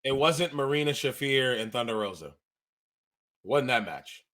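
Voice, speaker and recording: A man co-hosting a casual wrestling podcast, animated and quick to gripe, acting out the quotes he retells. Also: mid-range voice. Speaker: podcast co-host.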